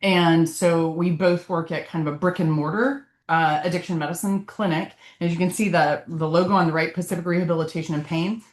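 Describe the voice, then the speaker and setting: A woman's voice: lowish voice, fairly even intonation, fairly quick, few pauses. A woman, a physician, giving a casual continuing-education lecture in an earnest, heartfelt way. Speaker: physician presenter. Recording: echoey room.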